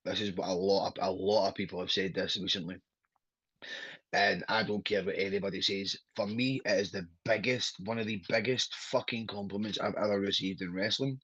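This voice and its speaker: A man's voice: sits low, fairly even intonation, brisk, fairly bright tone, breathy edge, no room sound, dull audio. A Scottish man, a wrestler, chatting casually as a podcast guest, blunt and sweary with a laughing storyteller's manner.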